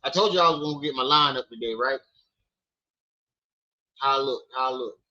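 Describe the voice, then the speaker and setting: A man hosting a casual live stream from home, teasing his kids loudly and then chatting with viewers. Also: mid-range voice, a little fast, highs cut off. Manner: loud playful teasing with his kids, then relaxed talk. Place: at home with children.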